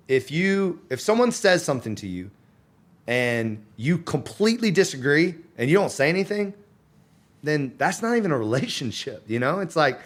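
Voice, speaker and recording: A man in his thirties talks casually as a podcast guest, his voice sitting at an ordinary middle pitch. He gets animated, jumps into quoted voices and laughs along the way. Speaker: podcast guest, fitness entrepreneur.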